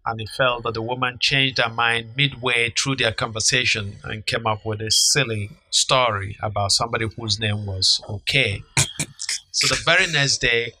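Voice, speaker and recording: Bright-voiced man telling a story. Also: mid-range voice, low-quality recording. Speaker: podcast co-host, author. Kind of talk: casual storytelling chat.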